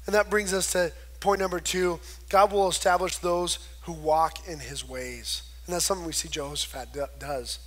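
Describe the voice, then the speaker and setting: A man's voice: fairly high pitch, steady tone, normal speed, hardly any pauses, fairly bright tone. A man preaching a conversational sermon, retelling scripture and acting out the quoted voices. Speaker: pastor.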